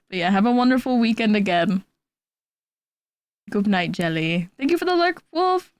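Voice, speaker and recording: A woman's voice: medium pitch, animated, unhurried, pauses often, dry recording. A young woman streaming from home, chatting casually while she draws, rambling and teasing herself, and talking to her cat. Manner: rambling, self-deprecating, talks to her cat. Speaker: art streamer.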